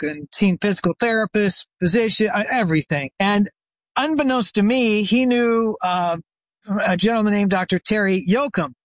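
A man, a retired chiropractor, telling a lively anecdote as the guest expert of an interview. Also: sits high, no echo. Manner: animated anecdote teller, acts out quoted phone calls. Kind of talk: storytelling interview. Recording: dry, slightly dull sound.

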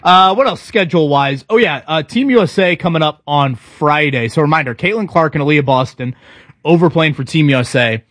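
A man hosting a morning sports talk show in casual chat, emphatic and animated, restarting his sentences often. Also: a little high, brisk, dry recording, studio quality.

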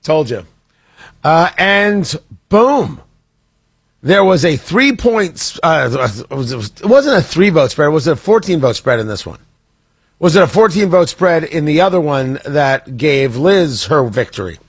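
A man's voice: a little high, very animated, unhurried, breathy edge, no room sound. A man hosting a political talk radio show, speaking in a sarcastic, mocking monologue with frequent restarts.

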